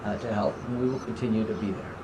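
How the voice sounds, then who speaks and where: Flat-voiced politician in an echoey room. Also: male voice, on the low side, fast talker, background noise. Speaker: politician giving a press statement. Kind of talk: formal public statement.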